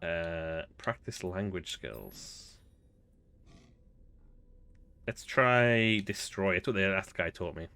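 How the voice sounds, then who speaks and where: A chatty man with a lowish voice talks through his game as he plays. He thinks aloud in a relaxed, amused way. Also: takes it slowly, clear, resonant tone. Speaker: gaming video host. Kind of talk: relaxed gameplay commentary.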